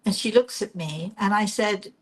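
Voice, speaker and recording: A woman's voice: mid-range voice, normal speed, poor audio. Older woman telling a spiritual story. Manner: chatty, reflective storyteller who acts out the dialogue. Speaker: spiritual medium and healer. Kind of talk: personal storytelling.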